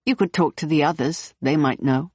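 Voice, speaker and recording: A narrator voicing a calm circus woman who explains things in a measured way, on a dull, dry recording. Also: low-pitched, husky, no room sound. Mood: matter-of-fact.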